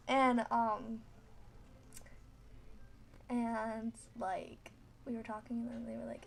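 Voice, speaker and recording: A woman's voice: fairly high pitch, fairly even intonation, normal speed, vocal fry, a little hiss or hum. A teenage girl telling a story casually, rambling with many fillers and frequent giggles.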